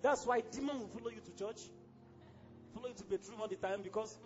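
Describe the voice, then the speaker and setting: A man with a Nigerian accent preaching a sermon as pastor, fiery and exclamatory, breaking into sudden shouts. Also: high voice, a little fast, highs cut off, soft background music.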